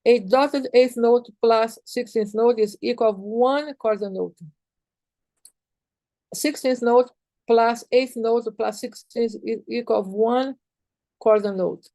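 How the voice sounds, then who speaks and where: Higher-pitched woman teaching rhythm notation. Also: takes it slowly, mellow, no room sound. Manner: patient, repetitive, counts and sings rhythms on "ta". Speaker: music teacher. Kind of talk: explaining music rhythm notation.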